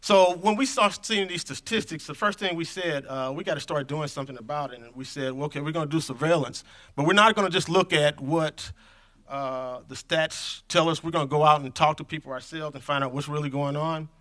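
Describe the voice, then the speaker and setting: With a slightly high, pushed and bright voice, a middle-aged man talks briskly at a conference about infant health programs. His personal story comes across earnest and conversational as he wanders off script.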